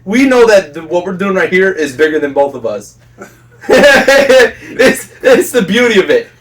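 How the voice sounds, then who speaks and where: A man's voice: high-pitched, very animated, measured pace, a bit bright, distant mic. A man co-hosting a casual talk podcast, earnest and preachy, laughing often as he makes his points. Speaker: podcast co-host. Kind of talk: casual opinion chat.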